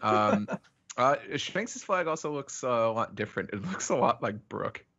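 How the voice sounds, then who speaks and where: A man's voice: medium pitch, lively intonation, moderate pace, creaky, pushed and bright, muffled recording. A man co-hosting a podcast in casual chat, hesitant with many fillers. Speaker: podcast co-host.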